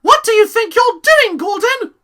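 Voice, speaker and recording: A man voicing a stern, bossy female diesel engine in a shrill falsetto. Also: animated, moderate pace, pushed and bright, heavily acted. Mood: scolding.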